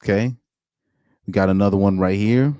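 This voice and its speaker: A man's voice: on the low side, normal speed, warm tone, smooth, no echo, clean studio sound. A young adult man doing casual reaction commentary, reading posts aloud with incredulous asides and trailing restarts. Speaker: commentary streamer.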